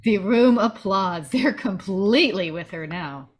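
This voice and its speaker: Woman reading stage directions, lively. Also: mid-range voice, a little slow.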